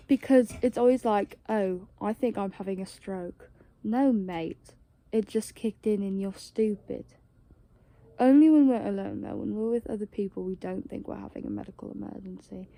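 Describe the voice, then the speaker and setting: A tired woman rambles along in a very dark, mellow voice with a gravelly edge of fry. Her talk meanders, packed with "like" and casual swearing, as if chatting to someone close. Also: medium pitch. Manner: meandering, heavy use of "like" and swearing.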